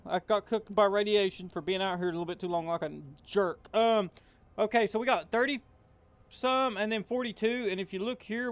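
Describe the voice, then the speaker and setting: High-voiced man narrating his gameplay. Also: smooth. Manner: rambling, self-talking, quickly alarmed. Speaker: gaming channel host. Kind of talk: game commentary.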